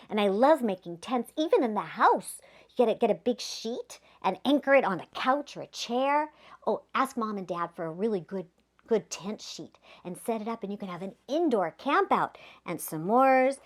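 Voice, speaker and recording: A woman reading a rhyming picture book aloud to children, playful, stopping to ask the kids questions and dropping to a whisper at quiet moments. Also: medium pitch, lively intonation, normal speed. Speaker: children's storybook reader.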